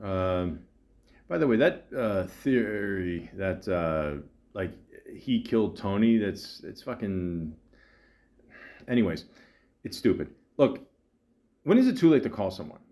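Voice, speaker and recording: A man hosting a podcast, telling his story in a rambling, halting way with many fillers and restarts, and dropping wry, sardonic asides. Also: low voice, sing-song, dark tone. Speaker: podcast host. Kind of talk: casual monologue.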